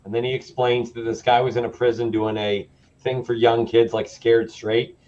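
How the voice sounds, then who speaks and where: A man co-hosting a live stream chat, telling stories in an animated way and laughing often. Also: medium pitch, normal speed. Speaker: co-host. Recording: slightly dull sound, faint noise.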